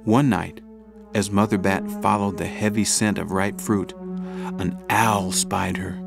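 A man narrating a children's storybook in an expressive, gently dramatic way. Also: sits low, measured pace, creaky. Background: background music.

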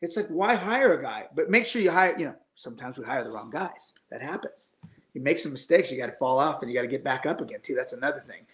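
A man's voice: mid-range voice, lively intonation, fast, a bit bright. Blunt middle-aged man telling stories in a roomy space. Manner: blunt storytelling, swears freely, acts out quoted voices. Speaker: guest musician. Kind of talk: casual chat.

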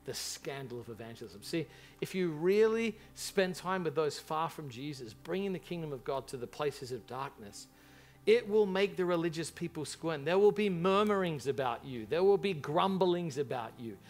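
This pastor's voice is on the high side and his pace moderate as he preaches to a large church. He's impassioned and animated, carrying the sermon through stories.

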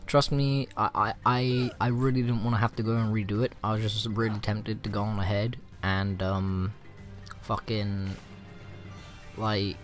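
A man's voice: fairly low pitch, level tone, measured pace. A young man casually commentating his gameplay, rambling and swearing, easily riled. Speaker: let's play gamer. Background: game music.

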